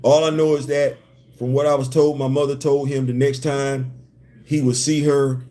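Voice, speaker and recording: A man's voice: medium pitch, little pitch movement, normal speed, dark tone. A man hosting a casual livestream chat from a hotel room, joking and repeating his phrases. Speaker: host.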